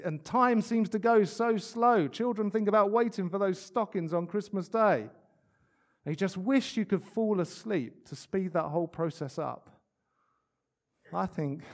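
A man preaching a sermon, earnest, slowing down to stress key words and adding light asides. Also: high-pitched.

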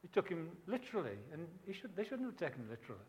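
Male preacher, higher voice, emphatic, rhetorical questions, long reverb of a church hall. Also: very animated, racing, darkish tone. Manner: emphatic, repeats key phrases, asks rhetorical questions. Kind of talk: sermon.

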